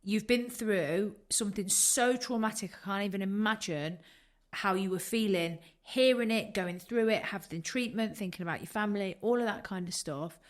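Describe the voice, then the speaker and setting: Host, woman, mid-pitched, warmly affirming interviewer. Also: moderate pace, few pauses. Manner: encouraging, affirming. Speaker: podcast host. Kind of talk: supportive interview chat.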